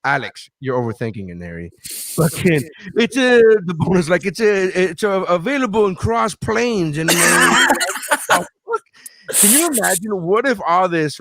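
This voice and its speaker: A young man co-hosting a podcast, telling stories in an excitable, profane, casual way. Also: a little high, normal speed, dry recording. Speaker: podcast co-host. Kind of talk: casual chat.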